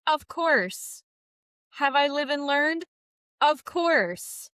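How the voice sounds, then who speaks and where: A woman with an acting background co-hosting a podcast, chatting casually about a TV episode in a theatrical, animated way. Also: high-pitched, very slow, no echo, studio quality. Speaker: podcast co-host; trained actor. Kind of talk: casual chat recapping a TV episode.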